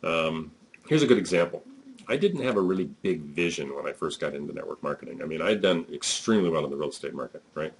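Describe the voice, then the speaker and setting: A man's voice: extremely low pitch, expressive, fast, vocal fry, slight background noise. A man giving a conversational, emphatic motivational talk as a network marketing trainer, with frequent fillers.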